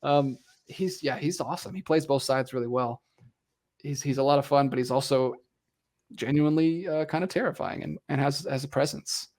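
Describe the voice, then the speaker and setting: A man's voice: mid-range voice, normal speed, a little mellow. A man co-hosting a film podcast, chatting casually and acting out characters' lines as he retells scenes. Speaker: podcast co-host.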